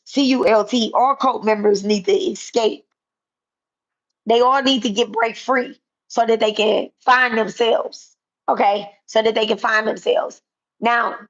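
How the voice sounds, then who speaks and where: A woman's voice: fairly high pitch, fairly bright tone. A woman calling someone out in a casual vlog, blunt and repetitive, swearing freely. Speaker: spiritual content creator. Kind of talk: direct-to-camera callout vlog. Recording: dull lo-fi sound.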